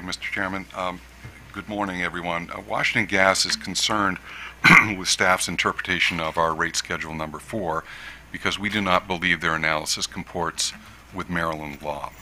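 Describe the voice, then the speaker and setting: A man, an attorney, making a measured formal legal argument at a hearing, stressing key words. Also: low voice, sharp tone, a little hiss or hum, poor audio. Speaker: attorney for a utility. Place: hearing room.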